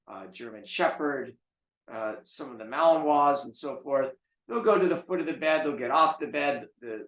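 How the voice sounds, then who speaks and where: A man's voice: medium pitch, fairly bright tone. A man who trains dogs, talking bluntly and emphatically as he lectures viewers. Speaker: dog trainer. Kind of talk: casual talk to camera. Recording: roomy echo.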